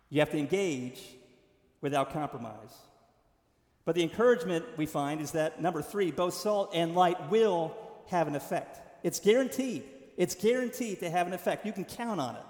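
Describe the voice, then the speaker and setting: Man, pastor, sermon, high pitch, emphatic then soft, church sanctuary, long reverb. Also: animated, normal speed. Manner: emphatic preaching, rising to stressed lines then dropping soft.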